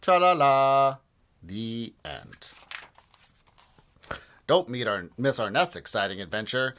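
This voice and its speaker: A man reading a children's book aloud with a bouncy, animated lilt that swoops up and down. His voice sits at an ordinary middle pitch, and his playful delivery keeps the story moving. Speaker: storybook reader.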